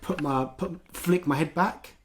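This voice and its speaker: A man co-hosting a casual podcast chat, calm and easygoing, given to gentle laughs. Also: a little high, unhurried, background noise. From England. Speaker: podcast co-host.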